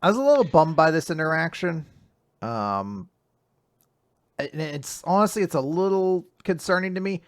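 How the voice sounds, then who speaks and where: A man co-hosting a podcast, giving relaxed, thoughtful opinions in casual chat. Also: fairly high pitch, normal speed, no room sound. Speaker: podcast co-host. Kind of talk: casual chat about manga.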